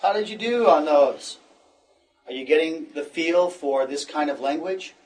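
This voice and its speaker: A man teaching an English lesson, encouraging and repeating phrases slowly for learners. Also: a little high, a little mellow, far from the mic.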